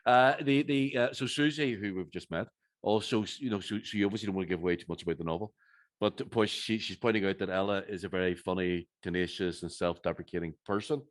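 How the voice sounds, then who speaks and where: A man with a Northern Irish accent interviewing an author at a live event, chatty and halting, with many restarts. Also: deep voice, dry recording, studio quality. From Northern Ireland. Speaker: host, interviewer.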